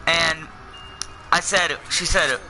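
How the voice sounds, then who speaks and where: A man's voice: a little high, fairly even intonation, takes it slowly, pushed and bright, faint music behind, rough recording. A young man telling a personal story in a casual, rambling way, full of fillers and self-corrections. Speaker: vlogger.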